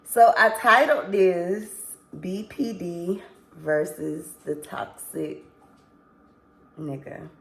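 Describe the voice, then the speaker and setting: Woman vlogger, low-pitched and slow, candid rambling storytime delivery with cursing. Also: creaky, fairly bright tone. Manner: candid, rambling, swears, apologizes and restarts. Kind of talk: casual storytime monologue.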